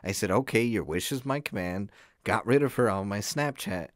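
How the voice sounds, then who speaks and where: A man's voice: lowish voice, normal speed, no echo, clean studio sound. A young man co-hosting a casual podcast, telling a story in a rambling way with many restarts. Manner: rambling, self-interrupting storyteller. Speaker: podcast co-host. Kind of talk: casual chat.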